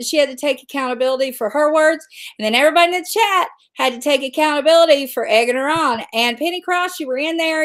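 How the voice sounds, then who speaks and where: A woman with a high voice hosts a casual chat. She talks in a chatty, easygoing way and drops in laughing asides. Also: a bit bright. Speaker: host.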